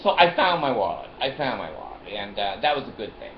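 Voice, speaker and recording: A man's voice: medium pitch, sing-song, fairly quick. Older man, rambling storyteller, chuckling, roomy lo-fi sound, faint hiss. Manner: chuckling, storytelling, repeats phrases. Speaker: vlogger.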